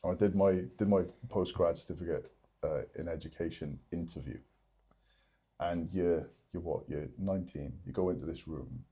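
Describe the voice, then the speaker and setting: A man's voice: low-pitched, normal speed, dark tone, husky. A man who is a podcast guest, telling stories in a rambling, self-correcting way. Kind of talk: casual storytelling.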